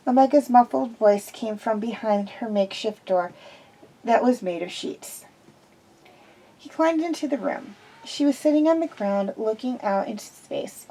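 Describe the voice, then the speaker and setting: A woman's voice: a little high, warm tone, low-quality recording. A woman reading fan fiction aloud in an unpolished way, with restarts. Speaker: reader.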